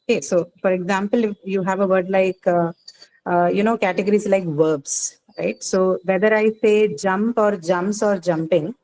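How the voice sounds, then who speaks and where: A woman's voice: medium pitch, fairly even intonation, moderate pace, darkish tone, rough recording. A woman teaching an online class, explaining patiently with many fillers and tag questions.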